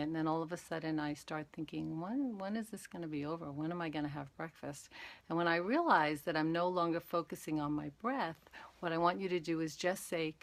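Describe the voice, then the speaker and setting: A woman teaching mindfulness on a live stream, calmly talking listeners through breathing exercises step by step. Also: low voice, fairly quick, creaky. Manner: calm, gentle, talks exercises through step by step. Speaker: meditation and awareness teacher.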